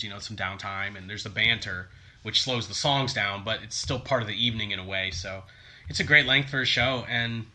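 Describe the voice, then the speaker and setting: Bright-voiced man rambling on a podcast. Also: medium pitch. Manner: rambling, filler-heavy with many likes and ums. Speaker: podcast co-host. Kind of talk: casual podcast chat.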